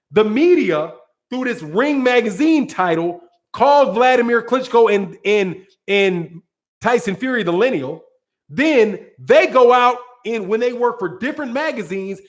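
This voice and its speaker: A man hosting a boxing channel, talking casually in a live-stream style, animated and slangy, laughing often and acting out what fighters said. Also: very high voice.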